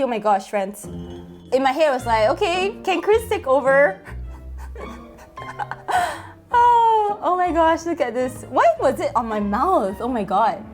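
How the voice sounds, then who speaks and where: A young woman vlogger talking excitedly over her own video, full of exclamations and fillers, with faint music behind her. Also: on the high side. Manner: gushing, exclamatory, many fillers.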